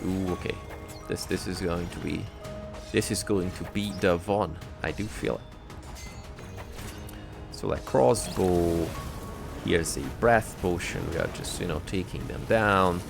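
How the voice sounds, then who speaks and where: A man's voice: low-pitched, gravelly. A man casually commenting on his own gameplay, joking around and reading upgrade text aloud. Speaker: gaming channel host. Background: game music.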